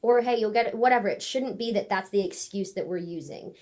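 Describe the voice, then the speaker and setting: A woman in her thirties, a guest on a podcast, telling her story in casual, animated talk and acting out what people said. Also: medium pitch, fairly quick. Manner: animated storyteller, acts out quotes. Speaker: podcast guest, former ninja competitor and wrestler.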